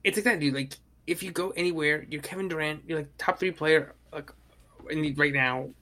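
A man's voice: a little high, fairly even intonation, a little fast, bright, forceful tone. A man talking basketball in a loose, rambling, profane way, often mimicking people. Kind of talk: casual sports chat.

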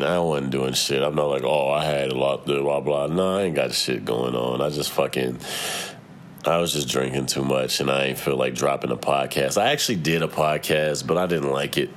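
A man's voice: rumbling low, slight background noise. A young adult man hosting his own podcast, talking in a profane, heated, rambling rant. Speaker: podcast host. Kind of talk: casual solo podcast rant.

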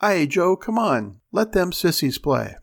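A cocky twelve-year-old boy mocks the younger kids in a low, sneering tone, as a male reader puts him on. He sounds dismissive and rude. The voice carries a gravelly rasp. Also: big pitch swings, measured pace, exaggerated voice.

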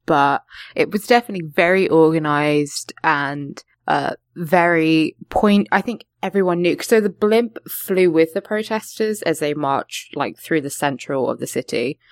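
A woman talking in a casual podcast chat, sarcastic and animated, swearing now and then. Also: sits low, a little slow, dry recording, studio quality. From not from London.

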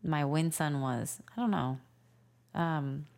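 A woman in her thirties telling a story in casual chat, animated and full of "like" fillers. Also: sits low, slow, a little hiss or hum. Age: 30s. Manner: animated storytelling, heavy use of "like".

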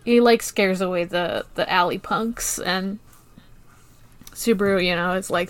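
A woman's voice: lowish voice, fairly even intonation, unhurried, clear, resonant tone. A woman co-hosting a podcast in casual chat, rambling with lots of filler words and swearing. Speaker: podcast co-host.

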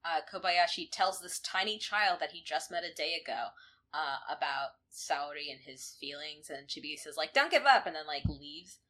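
A woman co-hosting a podcast, recapping episodes in casual chat, animated and quick to laugh. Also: low voice. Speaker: podcast co-host.

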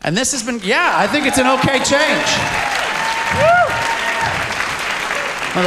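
A man doing stand-up before a live audience, shouting out his punchlines. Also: very high-pitched. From Canada. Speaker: stand-up comedian. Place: stage in a large room with an audience. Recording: echoey live recording with crowd noise.

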